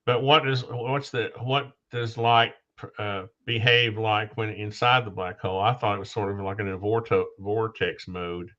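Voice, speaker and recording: A man hosting a casual podcast conversation, talking haltingly with restarts, losing his train of thought and coughing now and then. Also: on the low side, fairly even intonation, a bit bright. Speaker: podcast host. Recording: dull lo-fi sound.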